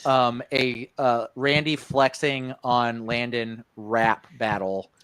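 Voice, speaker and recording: A man's voice: medium pitch, steady tone, slow, a bit bright, slight background noise. A man co-hosting a casual podcast, talking about games with lots of ums and uhs. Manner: rambling with many ums and uhs. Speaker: podcast co-host. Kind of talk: casual chat.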